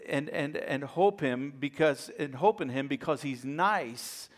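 High-voiced animated male pastor preaching. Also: a little slow. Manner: animated storytelling, acts out voices, repeats words when excited. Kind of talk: sermon.

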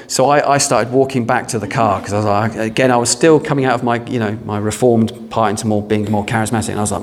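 A man's voice: mid-range voice, quick pace, few pauses, in a large hall. Male pastor telling a story. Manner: animated, self-deprecating storyteller acting out dialogue. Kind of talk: storytelling sermon.

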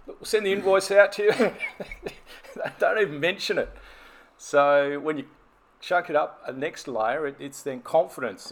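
A man's voice: medium pitch, creaky, a little hiss or hum. A man, a business coach telling stories and explaining ideas in a podcast conversation. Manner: storytelling, explanatory.

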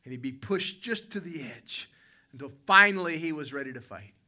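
Male pastor preaching in church, very forceful bright tone, emphatic, big swings from loud peaks to low asides. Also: expressive, moderate pace. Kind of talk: preaching a sermon. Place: church service with congregation responding.

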